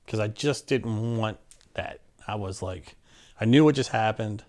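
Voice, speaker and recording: A man's voice: fairly low pitch, normal speed, darkish tone. A middle-aged man candidly recounting a personal story in an interview, acting out what people said. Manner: candid, plainspoken, acts out quotes.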